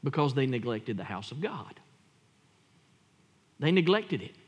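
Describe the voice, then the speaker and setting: A male pastor preaching a sermon, telling stories with emphasis and swinging from loud to hushed. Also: medium pitch, very animated, a little slow, breathy edge, in a large hall.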